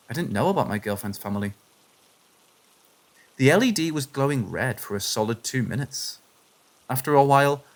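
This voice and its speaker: A man narrating submitted paranormal stories in a steady, scripted reading voice. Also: medium pitch.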